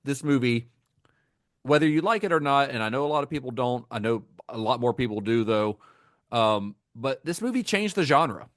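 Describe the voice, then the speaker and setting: A man's voice: mid-range voice, animated, normal speed, a bit bright, no echo, studio quality. A man co-hosting a podcast, talking about films in a casual, enthusiastic way, with many fillers and restarts. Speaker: podcast co-host. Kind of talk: casual film discussion.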